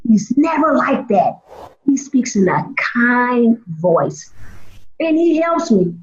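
A woman presenting a children's church lesson with a playful, theatrical, expressive manner. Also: on the high side, measured pace, echoey room, lo-fi sound.

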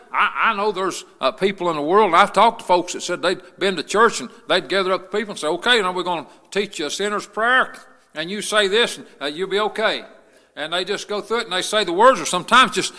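Male pastor, bright and high-pitched, fervent sermon delivery, reverberant church sanctuary. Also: fast. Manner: rising to an impassioned preaching cadence, with many "uh" fillers. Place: church sanctuary, broadcast service. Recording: long reverb of a church hall.

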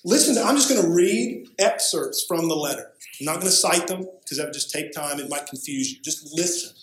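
A man's voice: on the high side, lively intonation, a little fast, a bit bright, roomy sound, a little hiss or hum, poor audio. A male pastor delivering a sermon, emphatic, often checking in with "right?". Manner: emphatic preaching with frequent "right?" asides.

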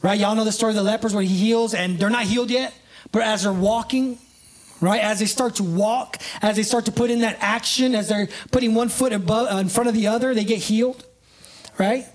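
A preacher delivering a relaxed sermon in plain conversational speech. The talk leans on "right?" and "you know", and listeners get pulled up to act out the scene. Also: medium pitch, fairly quick. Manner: casts listeners in live illustrations.

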